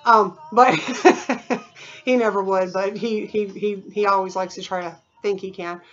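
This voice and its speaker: A woman's voice: medium pitch, fairly even intonation, measured pace, muffled recording. A woman vlogging in a casual, rambling way, full of fillers and imitated sounds. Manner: chatty, digressive, with many fillers and imitated sounds.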